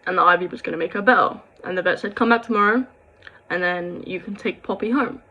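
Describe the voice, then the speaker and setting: A woman's voice: lowish voice, fast talker, bright, forceful tone, muffled recording. A young woman, rambling through a sad personal story to camera, full of quoted dialogue and sighs. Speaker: vlogger.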